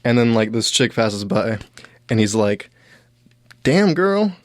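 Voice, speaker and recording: A man's voice: lowish voice, level tone, moderate pace, no room sound. A young adult man hosting a comedy show, telling rambling everyday stories with lots of fillers and restarts. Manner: rambling, filler-heavy, quoting others in raised voices. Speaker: comedian host. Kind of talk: casual storytelling monologue.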